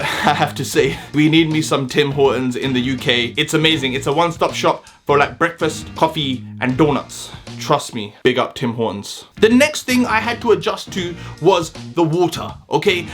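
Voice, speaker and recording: British man, casual vlog, joking, fairly high voice, faint music underneath. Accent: British, London. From United Kingdom. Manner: animated, joking, talks straight to viewers. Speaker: vlogger.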